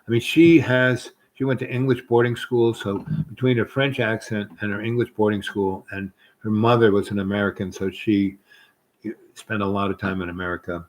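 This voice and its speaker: Guy rambling through an old love story, lowish voice, lots of um and you know. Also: steady tone, moderate pace, low-quality recording. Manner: rambling, fillers, quotes others in quieter voice. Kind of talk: casual personal storytelling.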